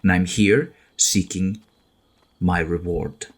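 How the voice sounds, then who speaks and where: Man voicing a proud witcher in a tabletop game, low and insistent. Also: slow pace, breathy edge, exaggerated voice. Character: proud male witcher monster hunter.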